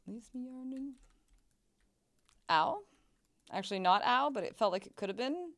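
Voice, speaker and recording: Streamer type: young woman, chatty and loose, mid-pitch, smooth clear voice, desk mic. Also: big pitch swings, brisk. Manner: chatty, swearing, laughing, exclamations. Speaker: game streamer. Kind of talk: casual gameplay chat.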